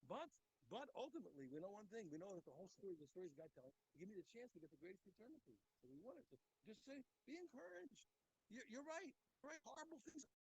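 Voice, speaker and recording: A man's voice: high-pitched, lively intonation, fast, slightly rough, rough recording. A man giving an impassioned Torah class, emphatic and repetitive, speaking straight to his listeners. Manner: emphatic, repeats words, talks straight to listeners. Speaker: rabbi teaching a daily Talmud class.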